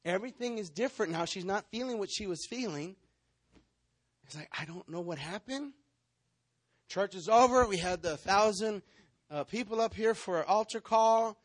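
Sex: man. Role: pastor. Style: sermon. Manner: animated, role-playing. Pitch: high. Room: dry. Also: moderate pace, no echo. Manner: animated preaching, acting out congregants.

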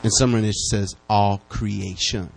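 A man preaching a sermon, talking straight to his congregation and bouncing between calm teaching and excited bursts. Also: moderate pace, gravelly, poor audio. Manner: lively, talks to the congregation directly; pitch jumps up high when excited.

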